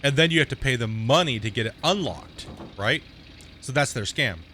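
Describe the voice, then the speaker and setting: A man's voice: mid-range voice, expressive, normal speed, bright, forceful tone, slight background noise. A man streaming a game live, chatting casually and rambling through stories, often tagging sentences with "right?".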